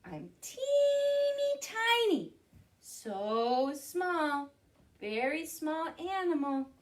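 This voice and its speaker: A woman playing a tiny squeaking mouse. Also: sing-song, drawn-out words, heavily acted. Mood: cute. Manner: very high, soft squeaks.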